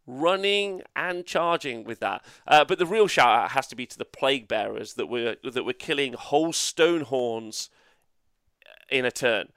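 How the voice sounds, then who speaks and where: A man co-hosting a casual tabletop gaming podcast, animated and swearing freely with lots of fillers. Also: mid-range voice, moderate pace, clear, resonant tone, no room sound, studio quality. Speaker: co-host. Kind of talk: casual podcast chat about tabletop games.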